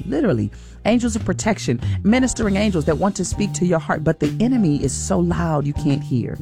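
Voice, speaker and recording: Lady radio host, slow soothing faith pep talk, light music behind her. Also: low voice. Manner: slow, soothing, encouraging preaching tone.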